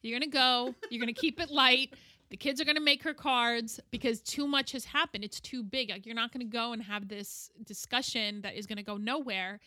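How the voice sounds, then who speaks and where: Bright-voiced middle-aged woman telling a story. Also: on the high side, a little fast. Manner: animated, acts out quoted voices. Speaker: guest. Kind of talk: candid personal storytelling.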